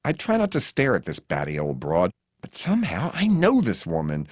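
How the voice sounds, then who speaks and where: A fairly low-pitched American man narrates his own memoir at a moderate pace with hardly any pauses. He tells it wryly and vividly, with lively intonation, and the studio sound is clean and dry.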